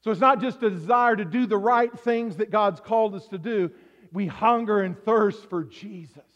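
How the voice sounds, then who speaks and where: High-voiced preacher man in an echoey hall. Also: moderate pace. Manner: swings from hushed to shouting, calls for amens. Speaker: pastor. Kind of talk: sermon. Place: church hall. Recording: echoey hall, dull lo-fi sound.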